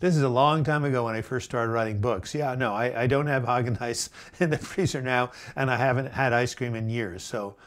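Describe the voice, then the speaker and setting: A middle-aged man hosting a live chat, reading viewer comments aloud and answering them with gentle advice, full of fillers and restarts. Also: mid-range voice, brisk, few pauses. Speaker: host answering viewer questions.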